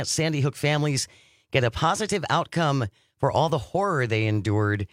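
A man's voice: a little high, no room sound, clean studio sound. A man co-hosting a podcast, reading news items aloud and adding his own commentary. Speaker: podcast co-host.

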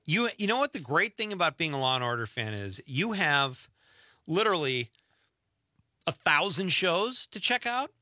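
Host: middle-aged guy, rambling banter, bright forceful voice, dry studio sound. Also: a little high, sing-song, dry recording. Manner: chatty, rambling, quick laughs. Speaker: radio show host. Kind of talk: casual radio banter. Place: radio studio.

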